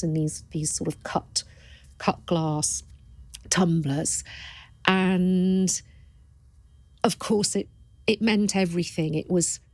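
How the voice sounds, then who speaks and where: A thoughtful woman in a podcast conversation, reflecting earnestly and often circling back to restart a phrase. Her voice sits somewhat low. The sound is dry and close-miked. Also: a little mellow, dry recording. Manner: earnest and thoughtful, with frequent restarts and repeated words. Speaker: palliative care doctor, podcast guest.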